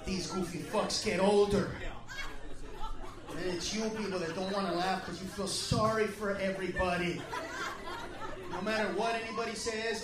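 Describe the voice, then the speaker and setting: A man with a very high voice doing profane stand-up and heckling his own audience. He is caught on a distant mic in a roomy club. A crowd laughs and murmurs around him. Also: steady tone, moderate pace, long pauses. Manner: loud, crude, confrontational with the audience. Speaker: stand-up comedian. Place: comedy club stage.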